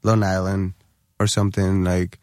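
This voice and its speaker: A man's voice: deep voice, little pitch movement, normal speed, a little mellow, dry recording, studio quality. A middle-aged man, a podcast guest chatting loosely with lots of fillers and swearing. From Colombia. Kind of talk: casual chat.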